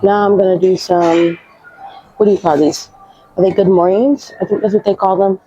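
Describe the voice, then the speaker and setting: A woman's voice: medium pitch, fairly even intonation, moderate pace, warm tone, breathy edge, no echo. Young woman fitness vlogger, slangy, out of breath, dull lo-fi. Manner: chatty, coaching, slangy. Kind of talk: casual workout instruction.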